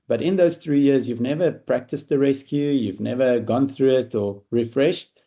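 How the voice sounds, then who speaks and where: A man giving an online safety presentation on a video call, relaxed, with frequent fillers and restarts. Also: mid-range voice, measured pace, muffled recording. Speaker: webinar presenter on work-at-height safety.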